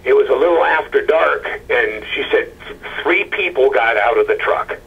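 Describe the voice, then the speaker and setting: Husky man, halting and stammering, muffled lo-fi interview audio. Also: medium pitch, lively intonation. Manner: halting, stammering retelling with quoted dialogue. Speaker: husband of a missing woman, interview guest. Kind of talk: emotional personal account.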